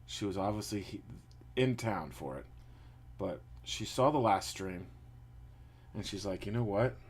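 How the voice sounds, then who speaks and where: A man's voice: sits low, expressive, a little slow, breathy edge. A man casually chatting to his livestream viewers while painting a model, rambling with lots of fillers. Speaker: streamer painting a 3D print.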